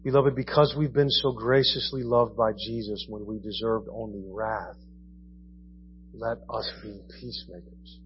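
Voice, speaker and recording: A man's voice: lowish voice, fairly even intonation, a little slow, dull audio, a little hiss or hum. A man preaching a sermon in a conversational style, asking his listeners question after question. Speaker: pastor. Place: church.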